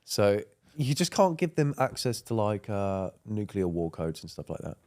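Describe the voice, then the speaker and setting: A man's voice: fairly low pitch, sing-song, normal speed, a little mellow. A man co-hosting a podcast in casual chat, easygoing, agreeing a lot and chiming in. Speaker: podcast co-host.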